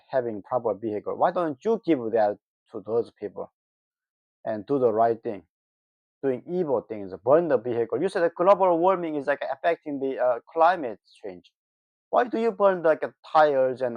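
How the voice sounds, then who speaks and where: A man from North Korea with a North Korean accent, speaking English as a second language in a casual opinion monologue, halting with many fillers and breaking into heated, mocking asides. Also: medium pitch, a little mellow, no echo. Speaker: vlogger. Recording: dull lo-fi dry recording.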